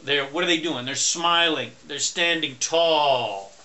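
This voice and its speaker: A man with a slightly high voice delivers a motivational self-help talk. He's loud and emphatic, slowing down whenever he wants to drive home a key point.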